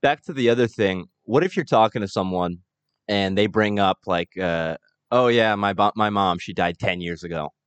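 A man talking casually on a podcast in a lowish voice. He stops and restarts as he works through a thought. The sound is dry, with no room around it. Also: clear, resonant tone, no echo. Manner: halting, repeats words while thinking. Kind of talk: casual chat.

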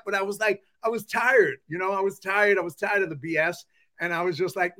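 A man hosting a podcast who talks in a calm, conversational way and tells stories casually. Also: high-pitched, brisk. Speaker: podcast host. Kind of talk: casual interview talk.

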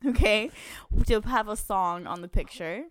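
A woman's voice: mid-range voice, unhurried, fairly bright tone, smooth, no room sound, clean studio sound. A young woman co-hosting a podcast, telling a story in casual chat, swearing and laughing often. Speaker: podcast co-host.

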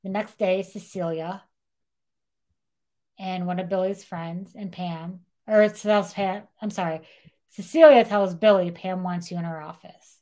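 A young woman with a fairly low pitch speaks at a measured pace as a podcast co-host. Casual and animated, she retells a true-crime story, acting out quotes and leaning heavily on "like".

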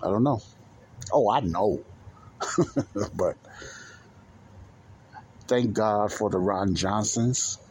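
A man's voice: fairly low pitch, very slow, pauses often, darkish tone, slight background noise. A man, hosting a solo show and delivering an angry, preachy monologue that repeats its points and rises to emphatic outbursts. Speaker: podcast host.

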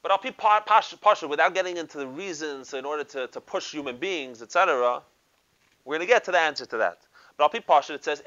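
Bright-voiced rabbi. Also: male voice, mid-range voice, muffled recording. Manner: mixes Hebrew and Yiddish terms, asks rhetorical questions. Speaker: rabbi teaching a class. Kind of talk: Torah class lecture.

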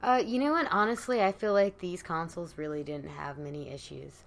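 A woman co-hosting a podcast, chatting casually about video games and quick to call out myths. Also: lowish voice, vocal fry. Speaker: podcast co-host. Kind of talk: casual chat.

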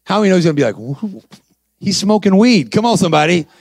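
A man's voice: high voice, big pitch swings, fast talker, creaky, darkish tone, no echo. A man preaching a sermon, acting out dialogue in his story and calling out to the congregation. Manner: acts out dialogue, calls to the crowd.

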